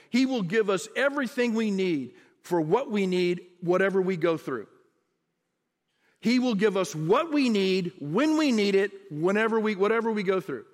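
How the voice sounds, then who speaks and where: A man preaching a sermon as pastor, in an animated, conversational way with repeated phrases and asides. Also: high voice, big-room sound.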